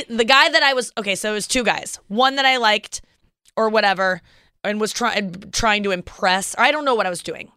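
A woman's voice: medium pitch, pushed and bright, smooth, no echo. A woman hosting a podcast, telling candid, rambling stories with many restarts. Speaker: podcast host. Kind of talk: casual chat.

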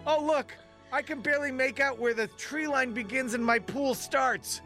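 A man's voice: extremely high pitch, moderate pace, pushed and bright, soft background music, pitched above the performer's own voice, full character voice. A man mocking a lonely rich woman in a melodramatic, sighing voice. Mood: mock lament. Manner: mock-dramatic sighing. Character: lonely rich woman, theatrically self-pitying.

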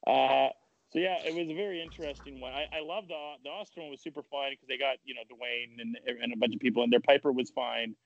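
A man co-hosting a casual talk podcast, animated and blunt, retelling stories with quoted voices and some swearing. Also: mid-range voice, fast, gravelly, lo-fi sound. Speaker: podcast co-host. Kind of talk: casual chat.

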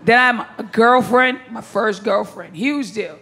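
A woman's voice: a little high, measured pace, background noise. A woman performing a stand-up comedy set, brash and blunt, with crude punchlines and bursts of laughter. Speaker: stand-up comic.

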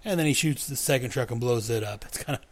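A man's voice: medium pitch, fast. Man casually recapping a comic book. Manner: reads dialogue aloud in voices, chuckles often. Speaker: comic book podcast host.

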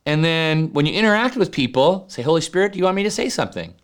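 A man preaching a sermon to men, animated, often checking in with "right?" and rising to emphatic high peaks. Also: fast, clean tone. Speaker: pastor.

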